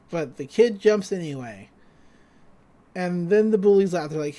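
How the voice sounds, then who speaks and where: A podcast co-host in casual chat, retelling an episode in an animated way and acting out the quoted lines. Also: medium pitch, brisk. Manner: loose, with frequent "like" and restarts.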